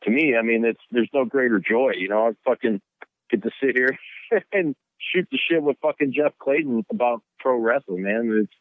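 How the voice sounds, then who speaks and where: A man's voice: mid-range voice, normal speed, no room sound, phone-quality sound. A man hosting a podcast, chatting enthusiastically and swearing often. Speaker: podcast host. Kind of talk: casual chat.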